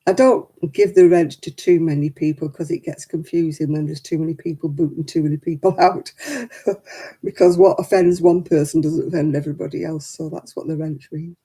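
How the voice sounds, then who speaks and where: Older woman, chatty storyteller with a husky, breathy voice. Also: deep voice, steady tone, fairly quick, warm tone. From England. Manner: chatty storytelling, laughs often. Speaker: livestream host. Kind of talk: casual chat.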